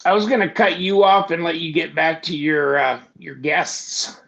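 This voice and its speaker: A man's voice: on the high side, steady tone, normal speed, vocal fry, a bit bright. A man co-hosting a casual podcast chat who cracks jokes and teases his friend, often trailing off mid-sentence. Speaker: podcast co-host. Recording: dull lo-fi audio.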